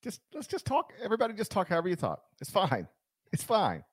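A man's voice: sits high, huge pitch swings, quick pace, husky, no echo, clean studio sound. A man hosting a sports radio show in casual, joking banter with his co-host.

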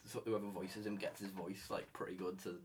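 A man's voice: low-pitched, little pitch movement, fairly quick, slight background noise. A teenage boy hosting a casual podcast chat, rambling and laughing often, with the odd swear. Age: teens. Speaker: podcast host.

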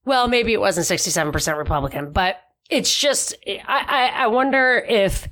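A woman's voice: mid-range voice, expressive, normal speed, fairly bright tone. A woman co-hosting a casual political podcast, opinionated and thinking aloud as she goes. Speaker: podcast co-host.

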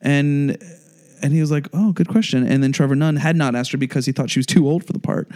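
A man co-hosting a podcast, telling a story in a rambling, halting way. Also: medium pitch, flat delivery, a little mellow. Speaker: podcast co-host. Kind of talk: casual podcast chat.

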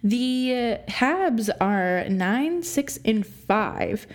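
A young adult woman hosting a sports podcast, ranting in an exasperated, animated way and laughing between points. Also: on the high side, drawn-out words. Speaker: podcast host. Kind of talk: opinionated sports podcast rant.

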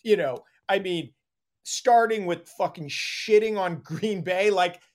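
A man co-hosting a sports and gambling podcast, talking in fast, profane, laughing riffs. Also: sits high. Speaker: podcast co-host. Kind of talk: casual sports chat.

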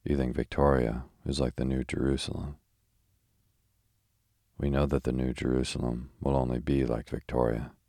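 A man reading the part of a proud anarchist poet with a supercilious, slow manner. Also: extremely low pitch, flat delivery, vocal fry, warm tone, no echo, clean studio sound. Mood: sad. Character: big red-haired male anarchist poet, proud.

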